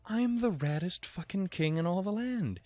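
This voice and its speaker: A smug young king lords it over his realm in a high, swooping voice that drags lazily through each boast, as a man puts him on. He is crude and full of himself. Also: animated, normal speed, mellow, dry recording. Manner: lazy, smug, profane.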